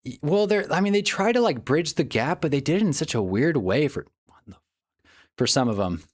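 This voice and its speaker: A man's voice: fairly high pitch, animated, brisk. A man live streaming, chatting casually and rambling as he reacts to things on screen and talks to his chat, often laughing. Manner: talks to chat while browsing online.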